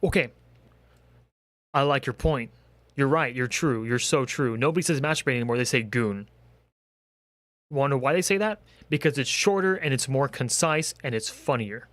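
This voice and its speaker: A man's voice: medium pitch, lively intonation, moderate pace, long pauses, a bit bright, no echo. A young man in a comedic rant, exasperated and profane, firing off rhetorical questions. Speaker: commentary creator.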